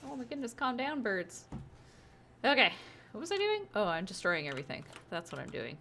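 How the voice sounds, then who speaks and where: A woman's voice: medium pitch, big pitch swings, a little fast, creaky, sharp tone, slight background noise. A woman chatting casually on a live game stream through a wireless headset, bubbly and talkative, cooing now and then at her pet.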